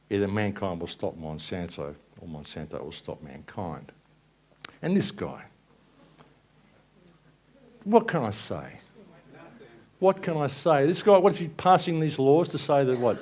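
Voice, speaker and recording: A man's voice: on the low side, darkish tone. A man giving an angry, sarcastic presentation at a live event, swearing and ranting. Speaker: speaker at a conference.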